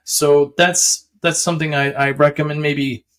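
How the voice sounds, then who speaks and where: Casting: young male explainer, slightly high voice, loose rambling delivery with lots of ums and chuckles. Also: level tone, measured pace, fairly bright tone. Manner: rambling, many fillers and restarts, chuckles often. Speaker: finance video host. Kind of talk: casual explainer.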